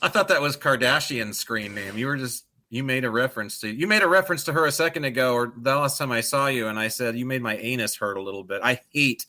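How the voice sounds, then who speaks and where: A man's voice: mid-range voice, fast talker, few pauses, bright, forceful tone. A middle-aged man co-hosting a podcast in casual chat, ranting with profanity and sarcasm. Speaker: podcast co-host.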